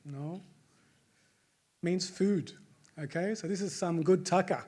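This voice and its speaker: A man's voice: sits high, slow pace, darkish tone. A man with an Australian accent, hosting a live event and addressing the audience in a chatty, joking way. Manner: jokey, chatty, asks the crowd questions. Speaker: event host.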